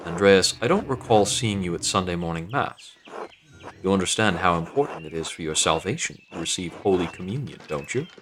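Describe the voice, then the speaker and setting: A stern village priest lectures in a measured, admonishing way, read aloud by a man with a very low voice. It sounds like a player voicing the game's text, not an actor. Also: lively intonation, background noise. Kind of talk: reading game dialogue aloud.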